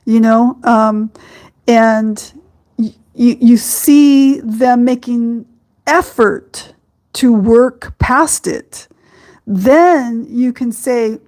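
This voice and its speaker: A woman hosting a podcast, talking slowly about spiritual matters, halting often with ums and you-knows. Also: on the high side, a little mellow. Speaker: podcast host. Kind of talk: reflective spiritual talk.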